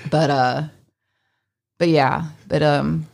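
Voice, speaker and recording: A woman's voice: low-pitched, steady tone, takes it slowly, gravelly, darkish tone, a little hiss or hum. A young woman in casual conversation, talking candidly and rambling with many fillers. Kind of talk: casual chat.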